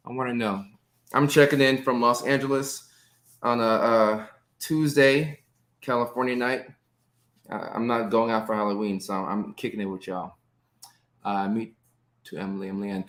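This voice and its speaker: A man's voice: on the low side, steady tone, moderate pace, pauses often, a bit bright. A man in his thirties hosting a casual live stream, greeting viewers by name in an upbeat, chatty way with plenty of fillers, recorded indoors on a phone or webcam close to his face. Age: 30s.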